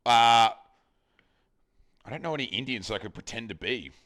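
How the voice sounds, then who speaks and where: A man's voice: mid-range voice, moderate pace, a bit bright. An Australian man streaming while cooking at home, bantering loosely with his chat and swearing casually. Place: home kitchen.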